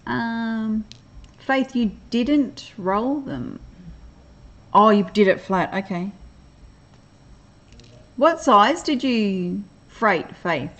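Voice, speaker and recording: A woman's voice: a little high, animated, very slow, long pauses, fairly bright tone, highs cut off. A middle-aged woman from Australia with an Australian accent, chatting casually on a livestream, reading viewers' comments aloud and laughing often. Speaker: livestream host.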